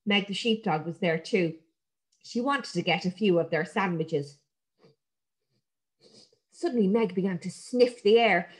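A woman reading a picture book aloud to young children, warm and expressive. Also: mid-range voice, a little slow, long pauses.

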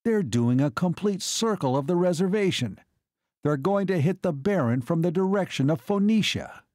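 A man's voice: sits high, expressive, normal speed, darkish tone, no room sound, studio quality, pitched above the performer's own voice. A man voicing a keen male glider pilot, explaining and giving orders in an audiobook. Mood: urgent. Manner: explaining, then urgent.

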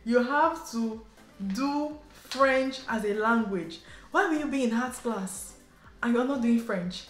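A woman's voice: fairly high pitch, slow, voice pushed up. A woman with a Nigerian English accent voicing her strict father, who scolds her in an insistent, incredulous tone. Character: stern Nigerian father scolding his daughter. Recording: roomy echo, faint background music.

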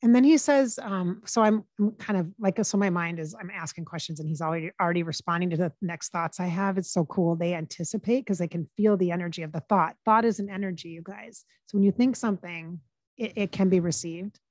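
A woman working as a psychic medium, talking casually and relaying quotes in her own plain voice with frequent pauses and restarts. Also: lowish voice, a little mellow, dry recording. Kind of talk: casual channeling session monologue.

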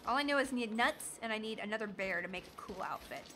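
A woman's voice: a little high, fast, pushed and bright, a little hiss or hum. A woman from the southern United States giving chatty, jokey commentary while playing a video game. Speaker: gaming streamer. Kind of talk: casual gameplay commentary.

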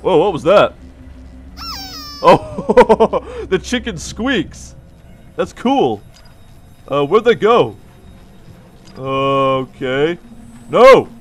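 A man with a notably high voice commentates as he plays a video game. He is jumpy and easily startled, and he giggles at his own nerves between the frightened yelps. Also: huge pitch swings, extremely slow, pauses often, breathy edge, faint music behind. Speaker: let's play host. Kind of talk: gameplay commentary.

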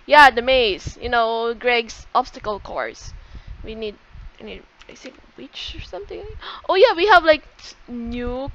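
High-voiced, excitable young woman gamer. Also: a little slow, lo-fi sound. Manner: chatty, excitable, gasps and self-corrections. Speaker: gaming YouTuber. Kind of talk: casual game walkthrough.

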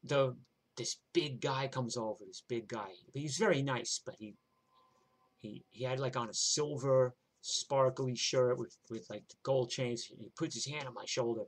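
A man's voice: mid-range voice, measured pace. An older man with a New York accent telling a rambling, profane story from his own life in a streetwise way. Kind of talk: live personal storytelling.

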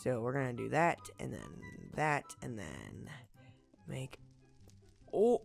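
A young man giving goofy let's play commentary, exclaiming loudly and slipping into whispered sneaky asides. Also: mid-range voice, big pitch swings, slow pace, vocal fry, long pauses, soft background music. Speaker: gaming video host.

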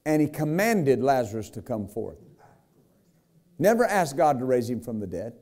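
Mellow-voiced preacher man, emphatic and lively. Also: mid-range voice, moderate pace. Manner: retells scripture with lively acted quotes; emphatic, frequent "right?" and "amen?". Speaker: pastor. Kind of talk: sermon.

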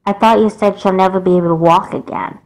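A woman's voice: mid-range voice, fairly even intonation, fast, darkish tone, lightly acted. A woman voicing an angry, sulky teenage girl in a doll movie. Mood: bitter. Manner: sulky, raising her voice in anger. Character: teenage girl, upset and angry over twin.

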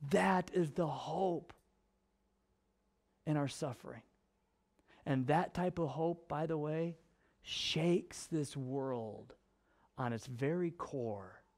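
A male pastor preaching a sermon with personal storytelling, in an expressive, conversational way that moves between emphatic and hushed. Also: fairly high pitch. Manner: conversational with restarts and fillers.

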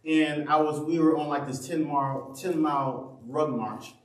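A man preaching in a church, his voice high and swinging between quiet asides and loud outbursts as he acts out his own story. He laughs often as he talks. The sound is roomy and echoing, picked up from some distance. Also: normal speed. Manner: animated, laughing storyteller who acts out quotes. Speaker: pastor. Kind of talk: sermon with personal storytelling. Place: church sanctuary. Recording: roomy echo from a distant mic.

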